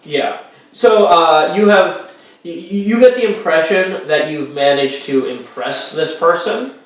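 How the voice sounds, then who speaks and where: Stammering game master in an echoey room. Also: male voice, fairly high pitch, measured pace, distant mic. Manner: rambling, stammering restarts with many fillers. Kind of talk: narrating a tabletop role-playing game. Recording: very echoey room, a bit off mic.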